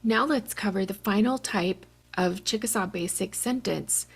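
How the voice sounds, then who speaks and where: Woman teacher with a gravelly voice. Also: medium pitch, unhurried. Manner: patient, explains step by step. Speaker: language teacher. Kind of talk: online language lesson.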